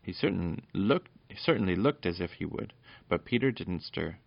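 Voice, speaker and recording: A man reads a children's storybook aloud in a very low, gravelly voice, now and then tripping over words and correcting himself. The recording is dry and a little dull. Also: expressive, moderate pace, no echo. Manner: unpolished, with frequent stumbles and self-corrections.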